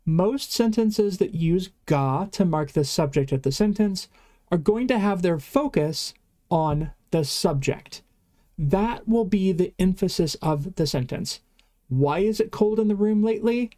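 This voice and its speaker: A mellow-toned online language teacher explaining grammar in a casual, chatty way. They ramble now and then and trip over words before correcting themselves. The pitch sits at an ordinary middle level.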